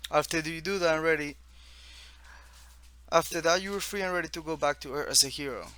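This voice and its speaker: Bright-voiced man reading his game aloud. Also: fairly high pitch. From East Coast of the United States. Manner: reads on-screen text haltingly, with restarts and asides. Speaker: student demoing his own text game. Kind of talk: casual walkthrough, reading game text aloud.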